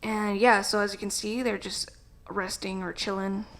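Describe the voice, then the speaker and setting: A woman runs her own cooking vlog outdoors in a backyard, speaking at medium pitch with a level tone and normal speed. She rambles in a chatty way and swears casually.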